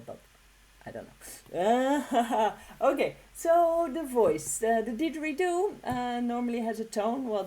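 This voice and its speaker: A woman giving a relaxed, encouraging music lesson, talking casually with frequent fillers and restarts. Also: medium pitch, rough recording. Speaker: didgeridoo teacher.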